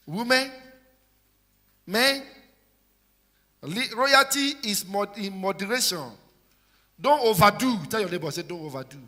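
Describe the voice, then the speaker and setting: Speaking slowly with long pauses, a pastor with a high, expressive, sharp-toned voice exhorts his congregation. He prompts them to say phrases back to him, call-and-response style, and the live recording carries the long reverb of a large church hall.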